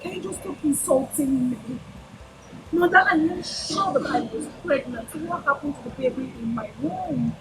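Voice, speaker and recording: A woman's voice: high voice, normal speed, noisy background, natural voice. An actress with a Nigerian accent playing a distraught young woman who has lost her memory, frantic and accusing. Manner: frantic, accusing, often shouting. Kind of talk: Nollywood film acting.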